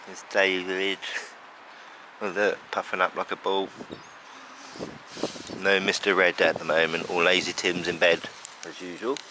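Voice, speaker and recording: Chatty, lower-pitched man feeding pigeons outdoors. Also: completely flat delivery, a little slow, long pauses. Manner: chatty, fond, laughs often, calls to birds. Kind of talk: casual outdoor vlog narration. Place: outdoors by puddles, rain. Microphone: handheld camera. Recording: outdoor camera audio with street noise.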